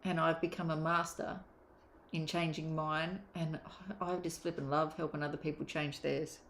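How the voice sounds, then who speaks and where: A woman's voice: low voice, level tone, normal speed, a bit bright, slight background noise. A woman, a mindset coach giving a candid, emphatic motivational course talk and swearing casually. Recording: roomy echo.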